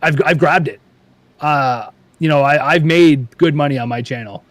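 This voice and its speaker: A paintball YouTube creator appears as a podcast guest, chatting casually and animatedly and doing the quoted voices as he tells stories. His voice is on the high side, at normal speed with no echo.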